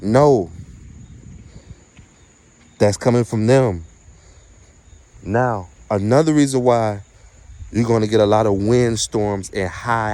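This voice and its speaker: Low-ish guy talking quiet and mellow outside at night, windy, preachy, cusses a lot. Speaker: spiritual vlogger. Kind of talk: casual outdoor vlog.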